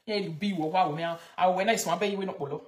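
A woman's voice: lowish voice, very fast, roomy sound. A Nigerian woman giving gossipy, scolding commentary that mocks and lectures the viewer.

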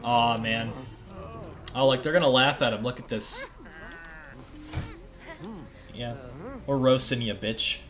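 A young man giving excitable, profane commentary over his gameplay, often yelling at the game. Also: mid-range voice, takes it slowly, pauses often. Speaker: gaming video creator. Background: game music.

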